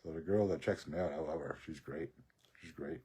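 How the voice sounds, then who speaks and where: A man with a very husky, raspy voice, pitched low and dark in tone. He rambles through a profane story, breaking into laughs as he goes. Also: brisk. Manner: rambling, profane, laughs often mid-sentence. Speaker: social media video creator.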